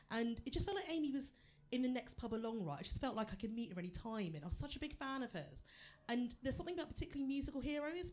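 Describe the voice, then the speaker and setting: A woman's voice: medium pitch, a little mellow. A woman performing a stand-up comedy set on a theatre stage, chatty and self-deprecating as she talks straight to the audience.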